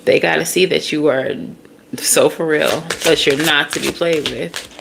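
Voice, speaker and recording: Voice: medium pitch, fairly even intonation, unhurried, gravelly, noisy background. A tarot reader giving a casual, blunt, profane reading straight to the listener.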